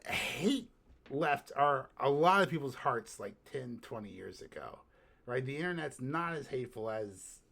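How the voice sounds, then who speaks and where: A man co-hosting a podcast in casual chat, ranting in an animated, profane way and sometimes breaking into shouts. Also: medium pitch, measured pace, gravelly. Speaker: podcast co-host.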